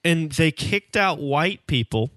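A man's voice: fairly high pitch, animated, takes it slowly, a bit bright, no room sound, studio quality. Emphatic young man telling stories. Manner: emphatic, storytelling, calls listener bro. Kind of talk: casual chat.

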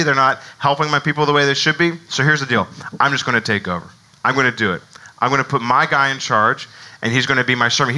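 Male pastor, middle-aged, very bright voice, chatty animated sermon delivery. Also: medium pitch, rough recording. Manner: conversational, animated, frequent restarts and "right?".

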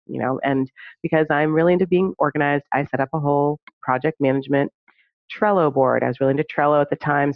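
A woman guest telling a personal story in conversation, animated and full of fillers, acting out what people said. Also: a bass voice, dry recording. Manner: animated, reenacts dialogue with many fillers. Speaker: podcast guest, social justice trainer. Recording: narrow phone-like dry audio.

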